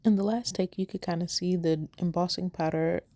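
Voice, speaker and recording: Low gravelly woman crafter. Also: steady tone, brisk, dark tone, soft background music. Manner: chatty and rambling, with fillers. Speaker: card-making crafter. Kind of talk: casual craft voice-over.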